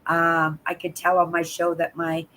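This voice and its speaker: An older woman with a hoarse voice, chatting in a rambling way on her live stream from home and repeating words. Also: lowish voice, completely flat delivery, normal speed, fairly bright tone, a little hiss or hum, low-quality recording. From Canada. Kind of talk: casual chat. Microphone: laptop.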